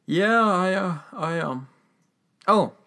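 A man voicing a flustered, indignant grown man who stammers and then loudly protests, retelling a radio-drama scene. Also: high voice, animated, slow pace, pitched above the performer's own voice, heavily acted.

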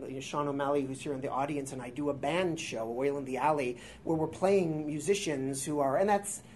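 High-voiced man in his forties, rambling. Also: brisk, a little mellow, a little hiss or hum. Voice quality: high-pitched voice. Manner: rambling, self-deprecating, with filler words and restarts. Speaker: guest improviser. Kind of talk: casual interview storytelling. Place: theater workshop space before a live audience.

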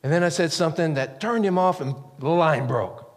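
A middle-aged man preaches and tells stories with lively energy, jumping into loud acted-out shouts. His voice sits a bit high for a man. A long reverb trails behind him, as in a large church hall. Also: fairly quick. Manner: animated, acts out quotes with sudden high yells. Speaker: pastor. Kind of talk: sermon storytelling.

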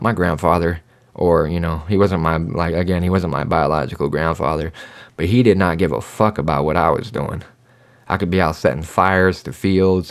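Man, very deep low voice, profane, blunt, rambling, solo podcast monologue. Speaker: podcast host. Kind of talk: candid personal monologue.

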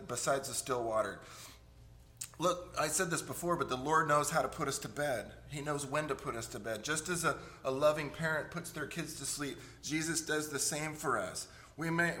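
A man's voice: medium pitch, sharp tone. A middle-aged male pastor preaching in a church, conversational, with joking asides and repeated words. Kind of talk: sermon. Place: church sanctuary.

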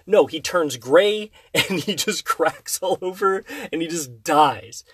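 A man in his thirties chatting casually on a podcast, telling a story in an animated way. He hums tunes and acts out scenes. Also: on the high side, takes it slowly, hardly any pauses, slightly rough, no room sound.

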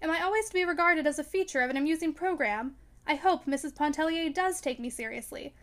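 A touchy, charming young man from a storybook, read aloud by a woman, firing off emphatic questions. The voice sits high. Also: fast, lightly acted. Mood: indignant.

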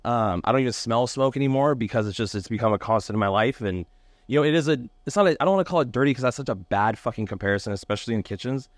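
A man with a middle-range voice talking in a relaxed, easygoing way, swearing casually. The recording is close and dry, with no room echo. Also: medium pitch, very fast. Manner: relaxed, profane, laughs along. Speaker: barbecue pitmaster, co-host. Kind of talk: casual chat. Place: restaurant kitchen.

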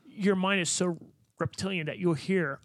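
High-voiced man giving blunt pep talk. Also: normal speed, dry recording. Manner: emphatic, motivational, swears freely. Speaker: podcast co-host. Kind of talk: casual chat.

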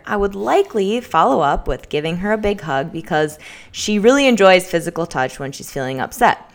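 A woman's voice: lowish voice, animated, fairly quick. A woman in her thirties co-hosting a parenting podcast, working methodically through numbered tips. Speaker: podcast co-host.

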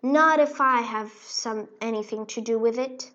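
Woman playing a loud blustery rat king villain, storybook, a bit high, muffled. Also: steady tone, takes it slowly. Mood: menacing. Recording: dull lo-fi recording.

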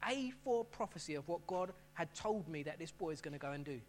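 A man's voice: fairly high pitch, animated, fairly quick, a little hiss or hum. A middle-aged man preaching a sermon as pastor, talking in a conversational way and often restarting his phrases.

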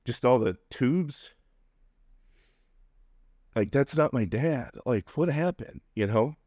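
A man's voice: medium pitch, expressive, slow, warm tone, no room sound, clean studio sound. A middle-aged man telling a personal story in a conversational, humorous way, laughing between phrases. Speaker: interview guest.

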